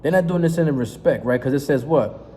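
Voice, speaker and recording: A man preaching in a fiery, confrontational sermon, reading scripture aloud and breaking off into profane, emphatic asides with a steady "right?". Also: on the high side, brisk. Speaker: street preacher. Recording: reverberant space with faint noise.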